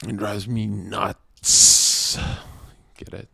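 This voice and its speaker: A man streaming a brash, profane rant to his chat, swinging from loud shouts to low murmurs. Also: flat delivery, drawn-out words, creaky, breathy edge, no echo, studio quality.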